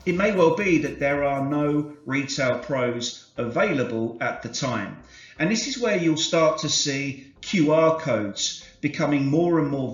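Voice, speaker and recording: A man from the UK leading a corporate sales training session, explaining concepts in a measured way and varying his inflection to demonstrate. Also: medium pitch. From United Kingdom. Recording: roomy, slightly dull, soft music behind.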